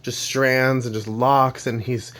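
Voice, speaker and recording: A man doing a comic monologue, telling a long, rambling second-person story with halting restarts. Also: mid-range voice, level tone, a bit bright. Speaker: comedian.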